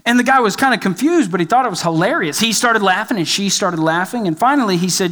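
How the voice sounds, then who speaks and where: A man's voice: sits high, expressive, fast, few pauses, a bit bright. A man preaching a sermon, telling a story with rising and falling emphasis. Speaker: pastor.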